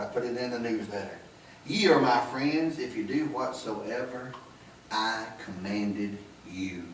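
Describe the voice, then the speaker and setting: A male pastor, preaching a sermon in a church that builds from hushed to loud and emphatic. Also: medium pitch, slight background noise. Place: church sanctuary. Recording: roomy church sound, mic at a distance, loud piano underneath. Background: piano playing under the sermon.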